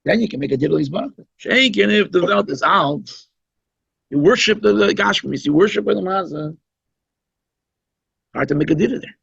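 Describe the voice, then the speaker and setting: Gravelly-voiced rabbi giving an informal talk. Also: male voice, sits high, animated, moderate pace, long pauses, a bit bright, no echo. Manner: conversational and emphatic, with asides. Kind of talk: informal Chassidic talk at a holiday gathering. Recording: dull, lo-fi recording.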